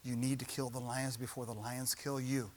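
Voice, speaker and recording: A man's voice: medium pitch, level tone, normal speed, darkish tone, slight background noise. A man preaching a sermon as pastor in a church, building his points with repeated refrains and rising intensity.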